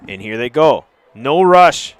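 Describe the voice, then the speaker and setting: A man calling a live high school football game play by play, brisk and chatty, surging to shouts on big plays. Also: animated, clean tone, dry recording. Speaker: play-by-play announcer.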